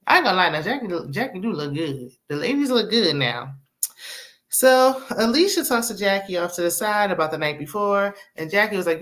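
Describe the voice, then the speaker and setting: A woman's voice: medium pitch, expressive, moderate pace, fairly bright tone. A woman recapping a reality show in a casual, sassy way, laughing often and tossing in "okay?" and "honey". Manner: laughs often while talking.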